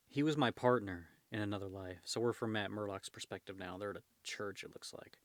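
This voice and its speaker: A man's voice: on the low side, brisk, hardly any pauses, no echo, clean studio sound. A man hosting a casual comic read-along at home, breaking off for chatty, rambling asides full of fillers. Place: home room with his cat.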